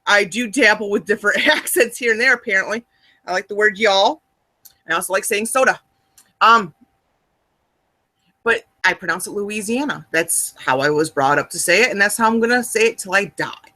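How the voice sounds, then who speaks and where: A woman with a Midwestern American accent co-hosting a casual chat, animated and laughing often. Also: mid-range voice, normal speed. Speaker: co-host.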